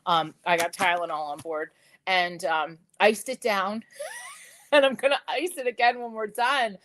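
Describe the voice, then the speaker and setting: A woman in her fifties hosting a live jewelry sales stream, telling stories in a lively, laughing way and talking straight to her viewers. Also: mid-range voice, a little slow, slight background noise. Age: 50s. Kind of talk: chatty live-stream storytelling.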